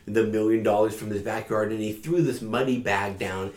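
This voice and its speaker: A man's voice: fairly low pitch, steady tone, moderate pace, a little mellow. A man retelling a parable in a casual storytelling sermon, with fillers along the way. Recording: echoey room.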